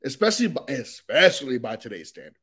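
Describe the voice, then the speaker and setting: Lively slangy male comedian guest. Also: medium pitch, quick pace, breathy edge. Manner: lively, slangy, says "bro" a lot. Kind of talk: casual chat.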